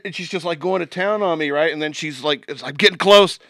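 A man's voice: a little high, animated, fast, a bit bright, no echo, studio quality. A man co-hosting a podcast in casual banter, rambling and joking, often trailing off and restarting. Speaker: podcast co-host.

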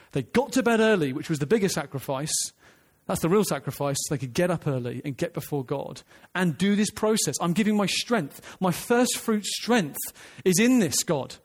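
An earnest man preaching a sermon, emphatic, restarting phrases and asking the listeners questions. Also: high voice.

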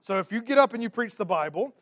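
A man's voice: high-pitched, animated, fast, fairly bright tone, no room sound. A man preaching a teaching sermon as pastor of his church, reading scripture and adding humorous asides.

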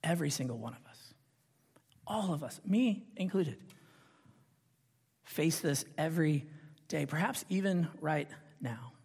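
Male preacher, somewhat high voice, poses rhetorical questions and builds to emphatic peaks; reverberant sanctuary sound. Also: animated, measured pace, gravelly, pauses often, a little mellow, slightly rough. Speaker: pastor. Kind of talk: sermon.

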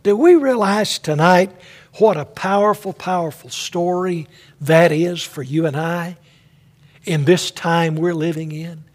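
A male preacher giving a dramatic, emphatic sermon in a husky voice, addressing listeners as friend. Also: on the high side, unhurried.

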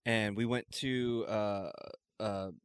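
A man from California in casual podcast chat, telling a story in a relaxed, laughing way. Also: lowish voice, slow pace, clear, resonant tone, no room sound, clean studio sound. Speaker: podcast co-host.

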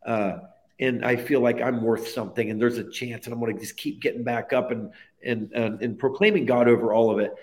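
A man's voice: mid-range voice, steady tone, brisk. A man speaking as a guest in a podcast interview, telling a personal faith story in an earnest, heartfelt way that stacks phrases one onto the next.

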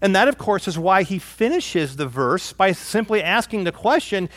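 A man's voice: sits high, very animated, normal speed, fairly bright tone, dry recording. A man preaching a sermon, emphatic, often checking in with the congregation with rhetorical questions. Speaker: pastor.

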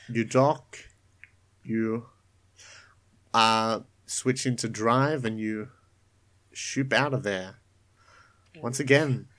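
A man running a tabletop game, narrating scenes in a calm, descriptive way. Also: medium pitch. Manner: unhurried, descriptive. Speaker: game master.

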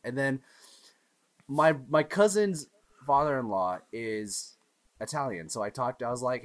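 A man from Houston co-hosting a podcast, chatting casually and telling animated stories with frequent laughs. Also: mid-range voice, moderate pace. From Houston, Texas. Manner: animated storyteller, laughs often. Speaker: podcast co-host. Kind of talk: casual chat.

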